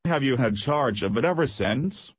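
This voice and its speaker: A man reading a calm, dry detective. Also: medium pitch, moderate pace, slightly rough, no echo, voice pushed up. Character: calm shrewd middle-aged male detective.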